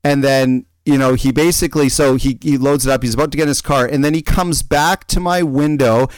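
Smooth-voiced man telling a rambling story. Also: mid-range voice, brisk, no room sound. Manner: animated rambling storyteller, frequent restarts. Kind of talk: casual chat, personal anecdote.

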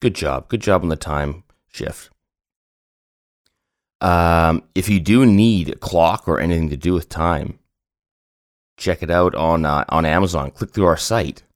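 Deep-voiced man with a groggy morning voice. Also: measured pace, pauses often, dry recording, clean studio sound. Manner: joking, teasing banter. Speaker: podcast co-host. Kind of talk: casual podcast chat.

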